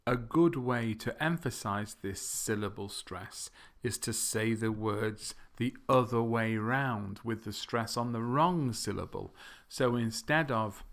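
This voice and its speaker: A gravelly-voiced man teaches pronunciation at an unhurried, careful pace. He stretches and overplays syllables to show stress, keeping it playful with light laughs. His tone is that of a friendly podcast lesson. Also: medium pitch, fairly bright tone. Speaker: podcast host teaching English. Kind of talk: language lesson on word stress.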